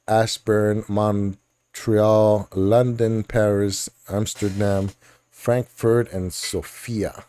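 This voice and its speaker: A man with a lowish, mellow voice, hosting a relaxed chat about gaming news. He rambles, laughs easily and jokes along the way. The sound is close and dry, with no room in it. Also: no echo. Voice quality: laughs often, jokey and rambling. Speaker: podcast host.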